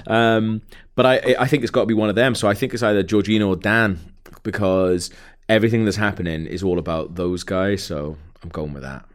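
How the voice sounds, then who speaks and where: A man's voice: fairly low pitch, fairly even intonation, a little fast. A man co-hosting a podcast, joking and teasing in casual chat and laughing often. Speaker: podcast co-host.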